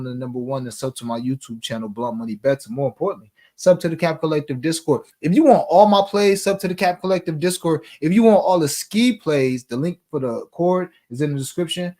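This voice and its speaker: A man's voice: a little high, a little fast, few pauses, a little mellow. Laid-back man hosting a betting show. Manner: laid-back, slangy, reads viewer comments aloud. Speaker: sports betting show host. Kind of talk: casual chat reading live comments.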